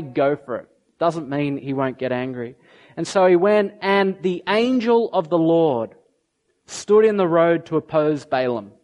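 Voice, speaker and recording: Man, preacher, sermon, lively storytelling, slightly higher voice. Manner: animated storytelling, acting out quoted voices. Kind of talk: sermon, retelling and reading scripture.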